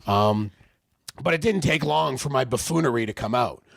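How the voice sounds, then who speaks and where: A man from Canada in his forties, a podcast guest telling stories in a mid-range voice. He is animated and jumps into higher, louder voices to act out what others said. The mic is close and dry. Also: normal speed, vocal fry, no room sound. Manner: animated storyteller, acts out others' lines in raised voices. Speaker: podcast guest, wrestling manager and producer. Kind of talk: casual storytelling interview.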